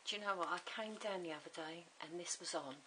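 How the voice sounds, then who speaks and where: A woman's voice: lowish voice, fast talker. A middle-aged woman, chatting and rambling through a home crafting tutorial, muttering to herself as she works. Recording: home camera recording with faint hiss.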